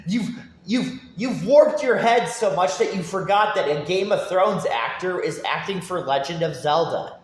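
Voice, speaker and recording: A man's voice: sits high, a little slow, roomy sound. A man ranting to his viewers about video games. He rambles, repeats his words, laughs often and keeps asking if they follow. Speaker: gaming YouTuber.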